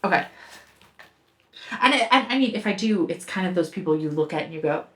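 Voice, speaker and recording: A woman's voice: lowish voice, expressive, fairly quick, fairly bright tone. A young woman reviewing a book in casual commentary, heated and sarcastic, swearing often. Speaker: book reviewer and podcast host.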